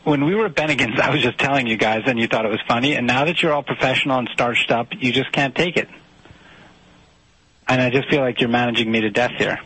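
Defensive man with a husky voice. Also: medium pitch, fast, a bit bright, dry recording, rough recording. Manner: defensive, slips into a put-on formal delivery. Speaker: storyteller being recorded. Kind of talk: comedic sketch dialogue.

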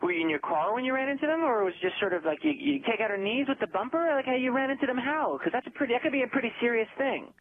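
Animated, cheeky man on a tinny line. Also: extremely high pitch, racing, few pauses, a little hiss or hum. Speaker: comedy sketch performer. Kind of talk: improvised comedic banter. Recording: tinny phone-like audio.

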